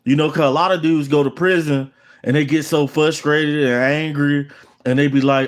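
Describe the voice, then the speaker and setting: A man's voice: on the high side, level tone, normal speed. A middle-aged man with an African American Vernacular English accent, hosting his channel and ranting at viewers in a boastful, threatening, repetitive monologue. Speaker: channel host.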